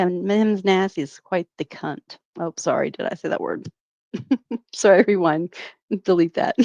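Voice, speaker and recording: A woman's voice: fairly low pitch, a little mellow, no room sound, highs cut off. A woman hosting a reaction channel, giving mocking, sarcastic commentary and laughing often.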